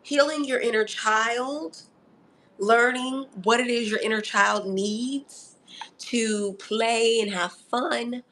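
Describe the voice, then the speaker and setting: A woman's voice: fairly high pitch, steady tone, slow, fairly bright tone. A woman giving a casual spoken astrology reading who coaches the listener and keeps checking in with "okay?", calling them honey and darling. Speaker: astrology reader.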